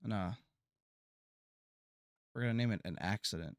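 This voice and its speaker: An American man streaming a farming game, chatting casually to his viewers and often stumbling over his words before breaking into excited outbursts. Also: mid-range voice, normal speed, no echo. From United States. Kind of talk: casual gameplay commentary to chat.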